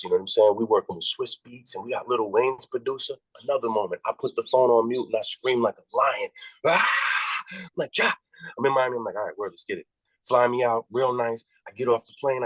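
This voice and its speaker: A rapper from Massachusetts in his thirties tells a long story in loose, profane talk. His voice sits at a medium pitch and leaps up when he acts out his own reactions. The sound is close and dry, with no room around it. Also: no room sound, low-quality recording. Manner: animated, profane, jumps high in pitch on quoted reactions. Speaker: rapper guest. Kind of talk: casual storytelling.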